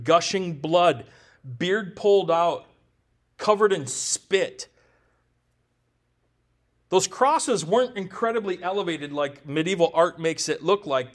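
High-voiced man preaching an emphatic sermon. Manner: emphatic preaching with rhetorical questions; jokes with the congregation. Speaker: pastor.

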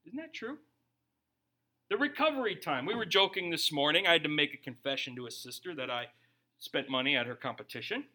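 A man's voice: fairly high pitch, expressive, fairly quick, bright, forceful tone. A man, a pastor and parent, preaching a sermon in a loose, joking way that acts out little quotes. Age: young adult or middle-aged, a parent. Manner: conversational, jokey preaching with acted-out quotes.

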